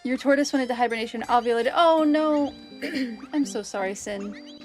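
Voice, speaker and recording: Chatty high-voiced woman streaming a game. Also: normal speed, soft background music. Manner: chatty, nerdy, laughs often. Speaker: streamer and biologist. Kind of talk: casual game livestream chat.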